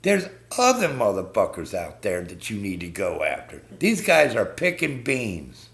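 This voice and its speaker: Gravelly, heated man ranting on a live stream. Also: on the low side, huge pitch swings, a little slow, a bit bright. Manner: heated, blunt, swears constantly, talks to viewers as folks. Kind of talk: profane political rant on a live stream.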